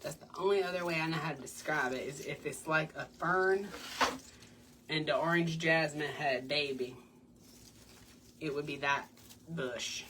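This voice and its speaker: A woman's voice: low-pitched, normal speed, pauses often, far from the mic, a little hiss or hum. Chatty woman demoing crafts. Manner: chatty, bubbly, breaks into little sing-song bits. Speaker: wreath-making tutorial host. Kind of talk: casual crafting demo chat. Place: home craft room.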